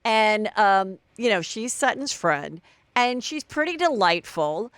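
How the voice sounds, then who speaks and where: A woman's voice: mid-range voice, expressive, slow pace, a bit bright, dry recording. A woman hosting a solo celebrity gossip podcast, chatty and gossipy, acting out what people said. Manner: chatty, gossipy, acts out quotes. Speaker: podcast host.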